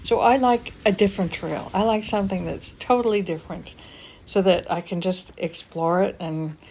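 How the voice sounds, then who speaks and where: A woman's voice: on the low side, moderate pace, darkish tone, slight background noise. An older woman narrating her outdoor vlog in an earnest, encouraging, motivational way. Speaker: vlogger.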